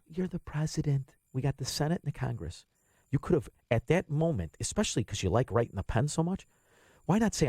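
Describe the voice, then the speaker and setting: A man's voice: lowish voice, darkish tone, no echo. A man hosting a political talk radio show, blunt and combative, swearing freely.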